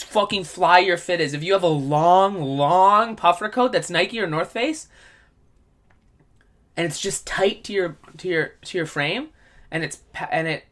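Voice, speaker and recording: A man's voice: sits high, a bit bright. A man hosting a solo comedy podcast, ranting in a rambling, profane way.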